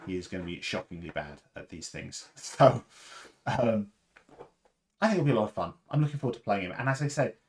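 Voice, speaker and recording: A man's voice: lowish voice, background noise. A man hosting a casual livestream chat, rambling and chatty with fillers and laughs. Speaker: livestream host.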